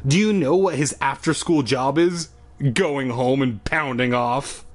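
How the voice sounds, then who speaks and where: A man at home doing a comic reading of a children's book, lively and breaking off into crude sarcastic asides. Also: mid-range voice, measured pace. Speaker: reader.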